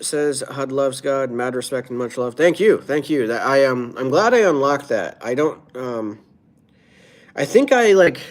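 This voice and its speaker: A tired man with an American accent, chatting casually on a livestream, reading viewer comments out loud and repeatedly asking people to subscribe. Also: mid-range voice.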